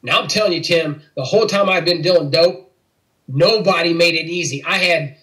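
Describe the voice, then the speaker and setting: Middle-aged man from Missouri, interview guest, earnest testimony, voices the people in his story, a touch higher-pitched than most men. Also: fairly quick, bright, forceful tone, poor audio. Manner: earnest storytelling, acts out quoted dialogue. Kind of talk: personal faith testimony.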